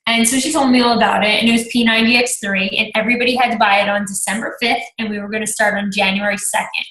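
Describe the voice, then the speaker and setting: A woman's voice: mid-range voice, fairly even intonation, fast, sharp tone, reverberant, poor audio. A woman in her thirties telling her own story on a group call, chatty, acting out her own past thoughts. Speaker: team coach sharing her story. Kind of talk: personal testimonial on a group call.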